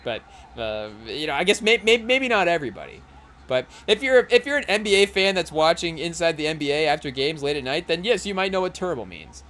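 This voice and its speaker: A man's voice: a little high, very animated, a little fast, fairly bright tone. A young man hosting a podcast in casual chat while watching a live game, rambling and often saying "hey, yo" and addressing the chat. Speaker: podcast host.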